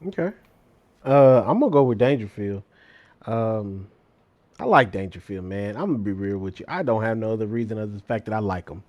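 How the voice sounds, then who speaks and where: A man's voice: lowish voice, expressive, brisk, no room sound, highs cut off. A man on a sports panel who gives his pick frankly and in a laid-back, informal way. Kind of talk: casual sports chat.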